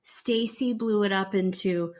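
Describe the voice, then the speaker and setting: A woman's voice: mid-range voice, a little slow, a little mellow. A woman co-hosting a podcast, chatting casually and arguing her points emphatically. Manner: emphatic, argumentative. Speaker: podcast co-host. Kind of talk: casual chat about a reality show.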